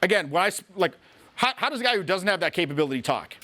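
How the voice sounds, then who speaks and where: Bright, high-voiced, swearing social coach. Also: male voice, quick pace. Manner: profane, animated storytelling. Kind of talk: casual explaining to camera.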